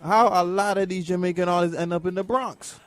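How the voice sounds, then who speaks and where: A man hosting a casual interview, relaxed and quick to agree. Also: high voice, no room sound, faint music behind. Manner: relaxed, conversational, agrees readily. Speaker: interview host.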